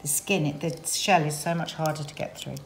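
A woman's voice: sits low, steady tone, brisk, roomy sound, slight background noise. An English woman vlogging from her home kitchen, chatting and teasing as she explains each cooking step. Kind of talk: casual kitchen vlog chat.

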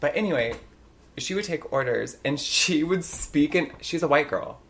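A man's voice: on the high side, normal speed, a little hiss or hum. A man guesting on a podcast, telling stories bluntly with plenty of swearing in casual chat. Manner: blunt, profane, animated storyteller.

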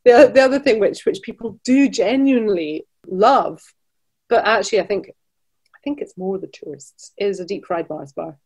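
A woman's voice: mid-range voice, moderate pace, darkish tone, slightly rough. A Scottish woman, a travel business director, chatting as a guest in an interview, often restarting and laughing between points. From Scotland. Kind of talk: casual interview chat.

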